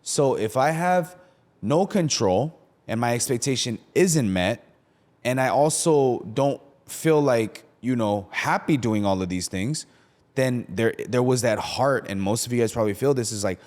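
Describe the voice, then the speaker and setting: A man's voice: mid-range voice, a little slow. A young man hosting a podcast, talking about faith in a casual, slangy way and often checking in with "right?". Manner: slangy, animated storytelling with lots of "right?". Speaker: podcast host.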